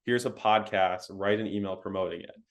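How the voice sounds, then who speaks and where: A young man talks through his story in a relaxed interview, his voice sitting low. He is animated and laughs often, peppering his speech with "like" and "um". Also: a little fast. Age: young adult. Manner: animated, laughing, frequent fillers like "like" and "um". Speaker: interview guest.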